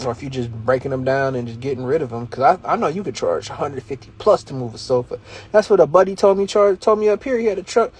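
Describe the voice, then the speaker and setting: A man's voice: medium pitch, lively intonation, fast. A man hosting a casual livestream, talking in a slangy, streetwise, motivational way and laughing often. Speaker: livestream host, reselling coach.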